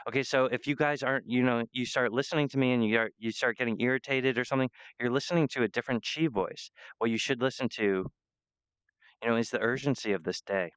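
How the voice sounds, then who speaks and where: A man's voice: mid-range voice, steady tone, quick pace, fairly bright tone, smooth, no room sound, lo-fi sound. A man giving a meandering spiritual monologue, full of fillers and restarts.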